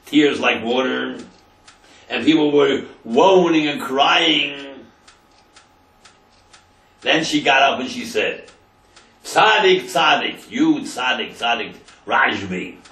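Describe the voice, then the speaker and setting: A man's voice: medium pitch, steady tone, unhurried, pauses often, a bit bright, reverberant, far from the mic, poor audio. A man, a rabbi, telling a story in a class and translating Hebrew phrases into English with dramatic emphasis.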